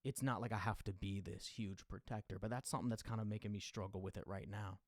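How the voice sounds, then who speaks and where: A man's voice: fairly low pitch, fairly even intonation, fast talker, no echo. Rambling young man, dry close sound. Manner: rambling, confessional, full of fillers and restarts; goes loud and exasperated when ranting. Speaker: podcast host. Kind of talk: casual monologue.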